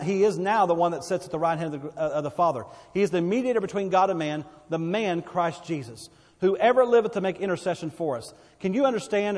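Male pastor, a bit high-pitched, preaching with repeats and swells, church hall reverb. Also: a little mellow. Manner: preaching with repetitions and swells of volume. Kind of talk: sermon.

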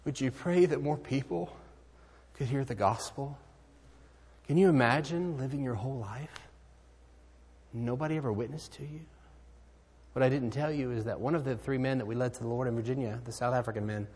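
Missionary guy preaching in a church, husky and a bit high, earnest, drops to near whispers, big echoey hall. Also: normal speed, long pauses. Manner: earnest, swings from loud exclamations to hushed near-whispers. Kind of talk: missionary sermon appeal. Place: church sanctuary. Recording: hall reverb.

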